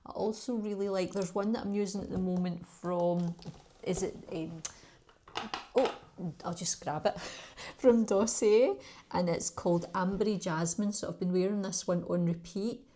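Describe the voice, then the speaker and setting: A middle-aged beauty YouTuber from Glasgow, Scotland, answers viewer questions in a rambling, friendly chat, laughing between thoughts. Her voice is fairly low and dark, with fairly even intonation and a moderate pace. A little hiss or hum is audible.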